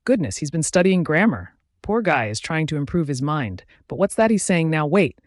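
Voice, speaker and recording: A man's voice: a little high, very animated, normal speed, dry recording, clean studio sound. A man voicing a wry, superstitious ship's mate in an audiobook, musing in chatty asides.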